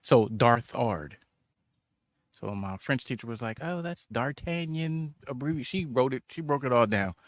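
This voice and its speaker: An American man sits at a close mic in a dry, dead room, with a voice of middle pitch. He tells a story with gusto and slips into other people's voices as he quotes them. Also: unhurried, no room sound. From United States. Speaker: podcast guest. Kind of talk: casual podcast chat.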